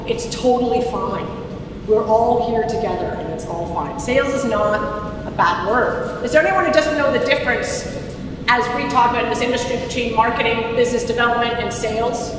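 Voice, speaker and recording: A woman's voice: fairly high pitch, a little fast. A woman from Toronto with a Canadian accent, giving a chatty conference talk and quizzing the audience. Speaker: speaker at a startup event. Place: large event hall. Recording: echoey hall from far off, noisy.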